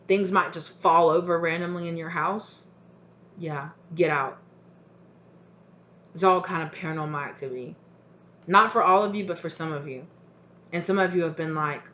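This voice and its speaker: A woman's voice: fairly low pitch, moderate pace, fairly bright tone, highs cut off. A woman giving a casual tarot reading, talking bluntly with lots of fillers, swearing freely and acting out people's reactions in quoted voices. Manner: rambling with many fillers. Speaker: tarot reader.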